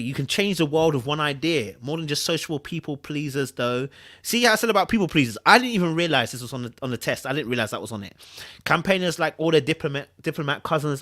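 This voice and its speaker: A young man hosting a casual livestream, reading comments from his chat. He talks in slang, gets excitable and laughs often. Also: mid-range voice, no echo, clean studio sound. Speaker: livestream host.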